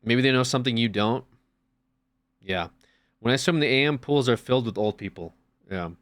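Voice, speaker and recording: A man's voice: mid-range voice, moderate pace, a bit bright. A man streaming, chatting casually, swearing often and acting out little scenes. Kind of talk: casual chat.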